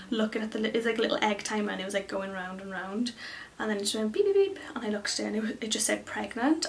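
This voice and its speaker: With a medium pitch and vocal fry, this early-20s English beauty vlogger tells a casual, chatty story to camera, rambling excitably and using lots of fillers. Her mic is a bit distant and picks up a little hiss or hum.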